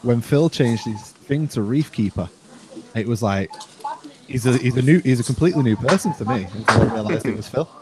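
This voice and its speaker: A man's voice: medium pitch, brisk, dark tone, low-quality recording. A man hosting a live stream in casual chat, talking freely and laughing often.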